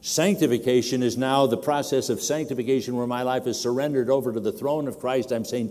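An older man preaching a sermon in a large conference hall, his mellow voice trailing off into a long reverb. He gets animated and pushes his voice up when he acts out a demanding baby. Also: medium pitch, fairly quick, hardly any pauses.

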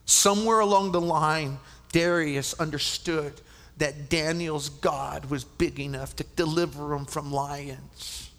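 A man preaching a sermon at a men's conference, impassioned, often stammering and restarting, and dropping to a hushed whisper for effect. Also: on the high side, steady tone, slow pace. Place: large conference hall. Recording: long reverb of a large hall.

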